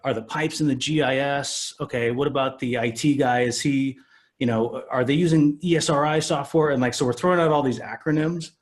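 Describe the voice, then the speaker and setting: An easygoing male podcast co-host with a voice at an ordinary middle pitch. He sounds agreeable and drifts into loose, casual storytelling. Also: a little fast. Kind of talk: casual conversational chat.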